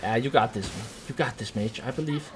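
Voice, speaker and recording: A man's voice: medium pitch, fairly quick, background noise. A young man from Denmark live-streaming a video game, reacting with swearing and yelps, then explaining game mechanics. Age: 20s. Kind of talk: casual live-stream gaming chat.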